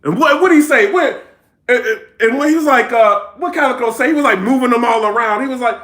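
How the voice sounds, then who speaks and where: A man's voice: very high-pitched, brisk, a bit bright, echoey room. A man casually commenting on a rap battle in a vlog, telling the story animatedly in slang and mimicking the people he describes.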